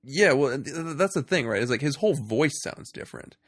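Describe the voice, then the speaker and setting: A man co-hosting a casual movie review podcast, sarcastic and quick to laugh. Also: mid-range voice, lively intonation, dry recording, studio quality. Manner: sarcastic, laughs often, breaks into mocking impressions. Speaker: podcast co-host.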